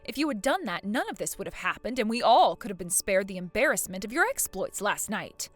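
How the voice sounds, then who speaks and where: A woman's voice: mid-range voice, very animated, a little fast, fairly bright tone, faint music behind. Woman voicing a patient, exasperated daughter-in-law. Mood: reasoning. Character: calm put-upon daughter-in-law, young mother. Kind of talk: voiced text-story drama.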